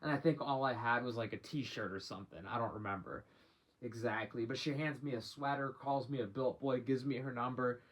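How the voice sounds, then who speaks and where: A man's voice: mid-range voice, steady tone, brisk, a bit bright. A young man telling a rambling, slang-heavy story from his own life in a casual storytime monologue, cursing freely as he goes. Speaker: vlogger.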